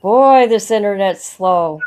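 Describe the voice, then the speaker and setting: A woman's voice: mid-range voice, takes it slowly, a little mellow, clean tone, low-quality recording. A woman co-hosting a casual chat who reacts to messages with incredulous exclamations. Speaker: co-host reviewing emails.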